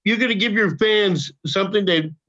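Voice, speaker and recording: An older man, an actor guest on a podcast, telling a story in a profane, animated way and acting out the quotes, on a dull lo-fi recording. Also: high-pitched, normal speed. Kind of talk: casual storytelling. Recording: dull lo-fi sound.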